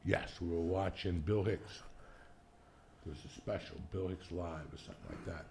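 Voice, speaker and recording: A man telling profane, animated stories in casual chat. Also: low-pitched, normal speed, a little hiss or hum. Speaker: podcast host.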